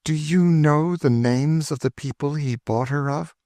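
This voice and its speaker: Man doing anxious, urgent woman, raised pitch, dry. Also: measured pace, dark tone, no echo. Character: tense, anxious woman in hiding.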